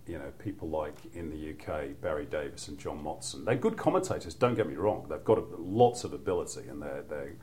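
A man's voice: very deep voice, lively intonation, fairly quick, few pauses, mellow, a little hiss or hum. A middle-aged man with a Mancunian accent, a football commentator chatting as a guest, rambling through anecdotes with lots of "you know" and restarts. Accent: Mancunian English. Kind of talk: relaxed podcast chat.

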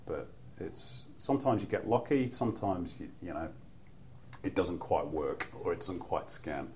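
A man's voice: low-pitched, expressive, moderate pace, darkish tone, a little hiss or hum. A middle-aged man with a Mancunian accent, a football commentator chatting as a guest, rambling through anecdotes with lots of "you know" and restarts. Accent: Mancunian English. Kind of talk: relaxed podcast chat.

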